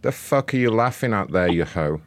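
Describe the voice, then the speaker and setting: A man hosting a show and making prank phone calls, delivering insults in a mock-polite, deadpan way. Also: lowish voice, normal speed, no room sound. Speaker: host and prank caller.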